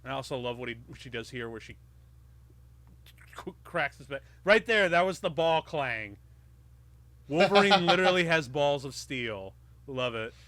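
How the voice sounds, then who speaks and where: Brief: male podcast host, bright tense tone, excited casual commentary, swears freely. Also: medium pitch, normal speed, no echo. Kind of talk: movie commentary chat.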